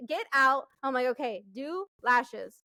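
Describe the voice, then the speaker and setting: A woman's voice: sits high, unhurried, dry recording. A woman co-hosting a podcast, telling chatty, profanity-laced stories full of laughter. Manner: animated, profanity-laced storytelling with frequent laughter. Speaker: podcast co-host. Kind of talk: casual chat.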